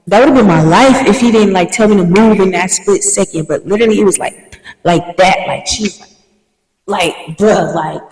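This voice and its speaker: A young woman hosting a podcast, telling a story in a lively, slangy, animated way. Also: mid-range voice, moderate pace. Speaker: podcast host. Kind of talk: casual storytelling. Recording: echoey room, mic at a distance.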